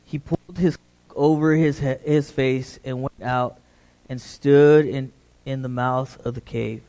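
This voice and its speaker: A man's voice: medium pitch, fairly even intonation, measured pace, mellow. A middle-aged man, a pastor, preaching a conversational sermon, repeating words as he builds emphasis.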